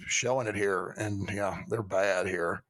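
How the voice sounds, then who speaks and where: A man's voice: low-pitched, fairly even intonation, unhurried, a bit bright, no echo. A man co-hosting a podcast who reacts in casual chat and often stumbles and restarts his sentences. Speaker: podcast co-host.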